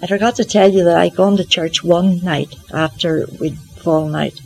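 An older woman sharing a personal testimony in an earnest, gently humorous, reflective way. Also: fairly low pitch, fairly even intonation, moderate pace, creaky, low-quality recording. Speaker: Christian Science practitioner.

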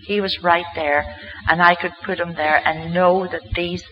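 A woman's voice: lowish voice, steady tone, a little slow, slight background noise. A woman from Ireland, giving an earnest, heartfelt spoken religious testimony as a mother. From Northern Ireland. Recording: dull lo-fi recording.

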